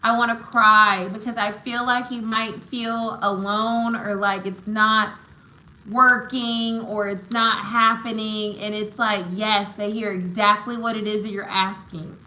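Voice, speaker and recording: A woman's voice: mid-range voice, level tone, measured pace, pushed and bright, roomy sound, slight background noise, low-quality recording. A woman giving live tarot and oracle readings, affirming and encouraging, often checking in with "right?" and "okay?". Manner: emotional, spiritual encouragement. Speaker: tarot reader.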